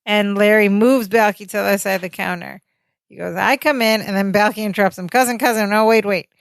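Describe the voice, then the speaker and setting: A woman's voice: medium pitch, fairly even intonation, quick pace, clear, resonant tone, dry recording, studio quality. A woman co-hosting a podcast in casual chat, retelling scenes and quoting the dialogue. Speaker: podcast co-host. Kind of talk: casual chat recapping a sitcom episode.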